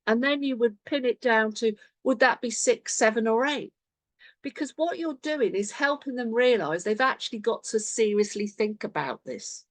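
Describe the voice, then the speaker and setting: Brief: woman, sales coach on a video call, lively up-and-down delivery, close dry sound. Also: on the high side, moderate pace, dry recording. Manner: animated, acts out sample conversations. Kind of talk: online team coaching session.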